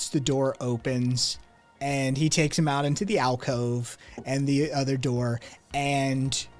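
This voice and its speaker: A man narrating a tabletop game as game master, describing scenes in an unhurried, descriptive way with fillers. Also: a little high, a little mellow.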